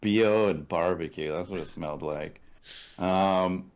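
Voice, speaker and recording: A man's voice: deep voice, measured pace. A man from Canada, a podcast guest, telling stories in a casual, profane, laid-back way and acting out what people said. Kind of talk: casual storytelling.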